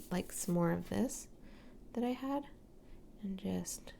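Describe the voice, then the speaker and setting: A young woman chatting casually while she paints, soft-spoken and often slipping into a whisper as she works. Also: medium pitch, lively intonation, slow, vocal fry, a little hiss or hum. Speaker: watercolor crafting vlogger.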